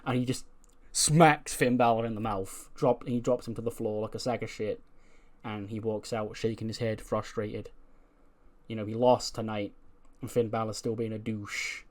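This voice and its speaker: A man's voice: fairly low pitch, little pitch movement, moderate pace. A man casually narrating a game playthrough in a chatty way, full of fillers. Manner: chatty, filler-heavy, laughs at own jokes. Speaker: let's play narrator.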